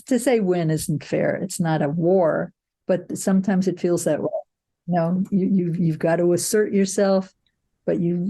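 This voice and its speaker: A woman's voice: lowish voice, dark tone. An older woman, a film producer, telling frank, reflective anecdotes in an interview. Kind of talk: conversational interview.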